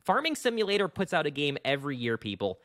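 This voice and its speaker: Bright rambling male podcast host. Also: on the high side, fast, no room sound, clean studio sound. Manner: rambling, animated, many fillers. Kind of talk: casual podcast chat.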